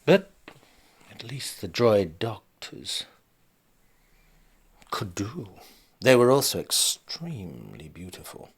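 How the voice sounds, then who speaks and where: A man narrating a story slowly and dramatically, his husky voice often sinking to a whisper, with halting pauses and sighing "oh"s. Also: low-pitched. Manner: slow, halting delivery with long pauses and sighing "oh"s.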